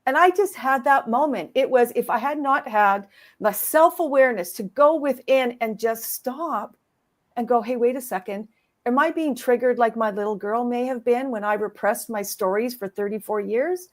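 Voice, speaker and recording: A woman's voice: fairly high pitch, moderate pace. A woman speaking earnestly on a virtual panel, telling a story with emphatic conviction. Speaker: summit speaker. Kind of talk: panel discussion. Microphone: video call.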